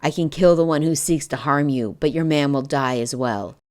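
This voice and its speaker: A woman voicing a calm, mysterious spirit speaking inside the mind, in an audiobook. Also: low-pitched, moderate pace, lightly acted. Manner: calm and even.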